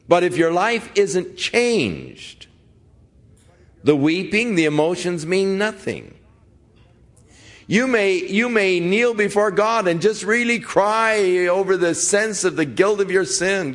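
A man's voice: high voice, expressive, measured pace, a bit bright. A middle-aged man preaching a sermon in a conversational way, reading scripture and acting out the voices of the people he quotes. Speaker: pastor.

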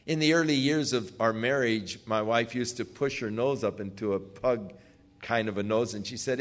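A man's voice: medium pitch, moderate pace. An older man preaching a sermon in an earnest, emphatic way, putting questions to his listeners.

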